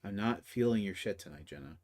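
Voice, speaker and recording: A man's voice: on the low side, animated, brisk, darkish tone. A man running a tabletop game as game master, narrating casually with swearing and lots of fillers. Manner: casual and profane, with many fillers.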